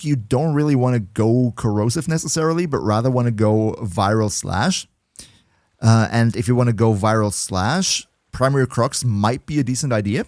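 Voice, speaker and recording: In clean studio audio with no room echo, a man with a medium, slightly mellow voice streams a game live. He keeps the commentary casual, laughs often, and answers chat viewers as he goes.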